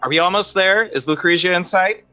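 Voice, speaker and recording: A man's voice: high voice, bright, forceful tone, voice pushed up. A man voicing a frightened pregnant female mouse who pleads in a hurry. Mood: anxious. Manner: hurried, pleading. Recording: slightly dull audio with faint music.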